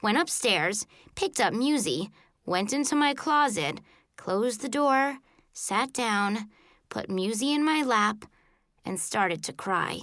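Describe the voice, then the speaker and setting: A woman narrating a children's book in the first person, telling it in an expressive, childlike way. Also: a little high, slow, no echo, clean studio sound. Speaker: audiobook narrator.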